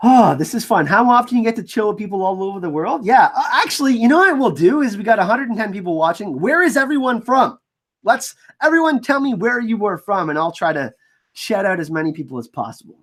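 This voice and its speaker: A man hosting a casual livestream, chatting with viewers and reading out their comments and shout-outs. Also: sits high, expressive, fairly quick. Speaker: livestream host. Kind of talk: casual live-stream chat.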